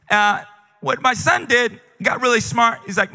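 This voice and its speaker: A male pastor with a high, bright voice delivers an animated, joking sermon. His words ring out with the long reverb of a large church auditorium. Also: moderate pace, gravelly. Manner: animated, humorous storytelling.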